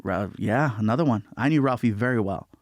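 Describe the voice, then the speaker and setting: A man's voice: mid-range voice, brisk, dry recording. Storytelling man, dry close sound. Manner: storytelling, lively, breaks into voices. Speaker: guest comedian. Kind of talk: casual interview chat.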